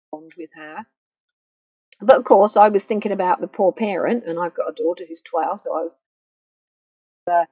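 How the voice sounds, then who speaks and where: A middle-aged woman, a grief counsellor, gives an emphatic, earnest teaching talk drawn from her own life, repeating phrases to stress them. Her husky voice is on the low side with a dark tone, with no room sound, though a faulty mic muffles it.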